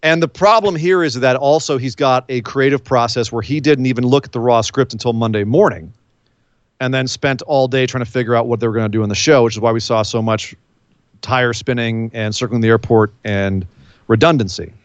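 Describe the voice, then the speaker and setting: A man co-hosting a casual wrestling podcast, animated and given to incredulous outbursts and laughter. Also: mid-range voice, brisk, no room sound. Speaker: podcast co-host. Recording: dull lo-fi audio.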